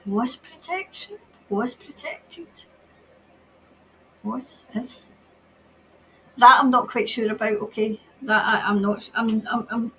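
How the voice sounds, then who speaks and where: A woman tarot reader doing a psychic reading on a livestream. She talks in an emotional, halting way and sometimes drops to a whisper. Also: a little high, pushed and bright, slight background noise, poor audio.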